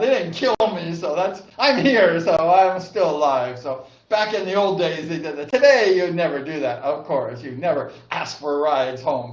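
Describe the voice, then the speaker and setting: Older man with a high voice, casual rambling storyteller, laughs easily. Echoey room, dull recording. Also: distant mic. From Southern California. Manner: rambling, says "like" a lot, laughs often, excitable yells. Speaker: vlogger, former speedway rider. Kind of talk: casual reminiscing monologue.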